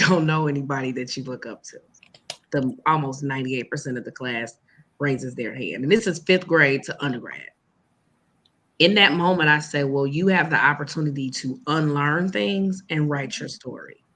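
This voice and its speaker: A woman's voice: sits low, a bit bright. A woman educator who is a guest on a podcast. She tells earnest stories about her classes and acts out the exchanges with her students. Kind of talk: casual chat.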